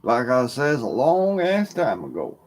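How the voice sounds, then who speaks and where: A man with a Southern US accent hosts a livestream, chatting casually at a measured pace with huge swings in his medium-pitched voice. He's a folksy, drawling, rambling storyteller who laughs a lot and mumbles some words.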